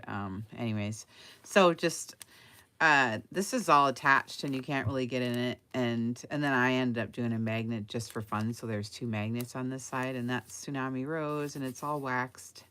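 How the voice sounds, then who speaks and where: A woman talks through a handmade craft journal in a loose, chatty way, full of fillers and little laughs. Her voice sits unusually low for a woman. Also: fairly bright tone. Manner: rambling, giggly, many fillers. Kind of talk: casual chatty flip-through.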